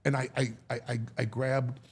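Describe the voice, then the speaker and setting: A middle-aged man telling stories in a sit-down interview, animated and prone to repeating words, acting out the voices of the people he quotes. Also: mid-range voice, moderate pace, breathy edge. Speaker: guest.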